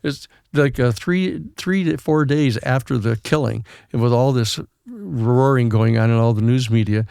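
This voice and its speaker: An older man in his seventies with a gravelly voice tells a story as a podcast guest, acting out the other people's lines as he goes. His voice is close and dry, with no room sound. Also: mid-range voice, dry recording. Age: 70s. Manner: animated storyteller who acts out others' dialogue. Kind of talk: casual storytelling.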